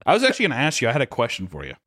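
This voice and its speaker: A young man co-hosting a podcast in casual chat, animated and profane, often acting out voices. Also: medium pitch, rapid-fire, husky, dry recording, studio quality. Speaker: podcast co-host.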